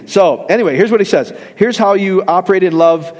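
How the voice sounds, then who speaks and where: Man, pastor, preaching a sermon, lively conversational delivery, slightly high voice, long hall reverb. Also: fairly quick. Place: church service.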